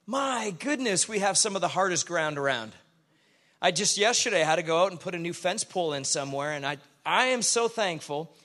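A man's voice: fairly high pitch, animated, brisk, fairly bright tone. A middle-aged man, a pastor preaching a sermon full of chatty, self-deprecating stories.

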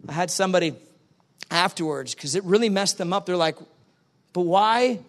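High-voiced man preaching a sermon. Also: fairly quick. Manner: animated, acts out both sides of dialogues. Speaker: pastor.

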